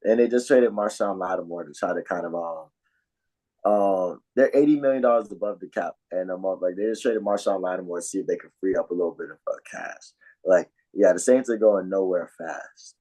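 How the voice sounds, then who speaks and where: Blunt low-voiced man talking football. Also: a little fast, mellow, low-quality recording. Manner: blunt, swearing, slangy. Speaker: podcast co-host. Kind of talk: casual sports chat.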